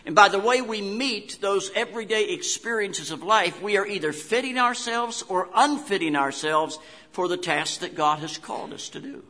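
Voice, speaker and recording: A man's voice: high voice, expressive, normal speed, sharp tone, long reverb tail. An older man with a West Virginia accent, a pastor preaching a sermon in a folksy storytelling way with homespun asides.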